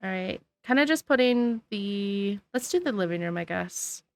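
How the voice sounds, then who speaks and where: Over a desk microphone, a woman streams a game and chats casually with her viewers, answering their messages while sniffling and yawning because she's sleepy. Her voice is medium in pitch, animated and creaky, at a normal pace, with no room sound.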